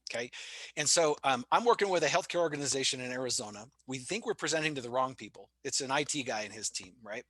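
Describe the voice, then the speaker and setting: A middle-aged man, a sales trainer and podcast guest, telling stories with lively acted-out dialogue. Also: medium pitch, fast talker, no echo. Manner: lively storyteller who acts out dialogue. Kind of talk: casual podcast interview.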